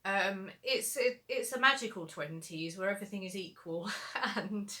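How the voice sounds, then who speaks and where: A woman's voice: medium pitch, moderate pace, sharp tone. A young adult woman, an author answering viewer questions in a casual livestream Q&A, chatty and rambling with lots of fillers.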